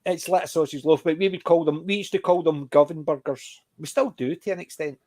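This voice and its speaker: A man's voice: a little high, a little fast, a little mellow. Rambling Scottish man hosting a chat. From Scotland. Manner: rambling storyteller, frequent restarts. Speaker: panel host. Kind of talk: casual panel chat.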